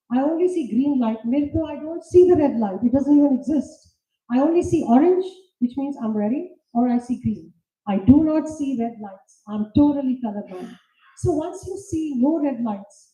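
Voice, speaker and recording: A woman's voice: high voice, mellow. A woman giving an emphatic, self-assured talk on leadership in a large lecture hall. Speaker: conference speaker. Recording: roomy, distant, dull hall recording.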